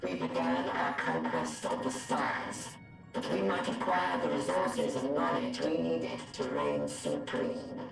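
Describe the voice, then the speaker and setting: A detached male android from a game, his robotic voice very deep and gravelly, rising and falling widely. He speaks slowly and formally. The voice sounds echoey and distant, with loud music underneath. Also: huge pitch swings, heavily acted. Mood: calm recounting. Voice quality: processed robotic timbre. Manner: measured, formal, unhurried. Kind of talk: game cutscene voice acting.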